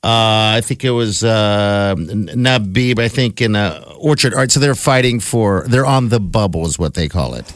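A man co-hosting a podcast, chatting casually about football with an animated storytelling manner and many fillers. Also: lowish voice, moderate pace, few pauses, dry recording, clean studio sound. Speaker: podcast co-host. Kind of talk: casual sports chat.

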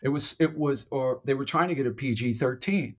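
A man telling his own screenplay with loose, animated energy, breaking into laughs and playing out bits of dialogue. He talks like he is chatting with a friend. The recording sounds slightly dull and lo-fi. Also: medium pitch, a little fast. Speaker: screenwriter pitching a story. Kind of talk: casual storytelling chat.

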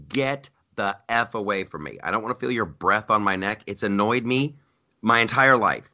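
A man co-hosting a podcast, telling stories in casual chat with loud, animated outbursts. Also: on the low side, normal speed. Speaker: podcast co-host. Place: lives in New York.

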